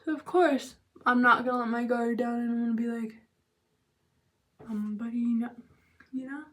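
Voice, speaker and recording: A young woman vlogger with a slightly high, steady, somewhat bright voice tells a story at a brisk clip. Her chatty telling is loose and packed with "like" and "blah blah," and she drops to a whisper for asides. The mic sounds distant.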